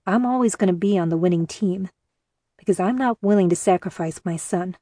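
A woman reading the lines of a grim, pragmatic male captor who talks in a steady, matter-of-fact way. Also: lowish voice, a little fast, dry recording, clean studio sound, natural voice.

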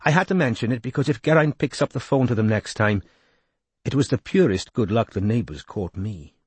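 Here a male audiobook narrator performs a gentle, persuasive Welsh woman with a deep, husky, soft-spoken, coaxing voice pitched a little low. He's animated and a little fast, and the recording is close and dry.

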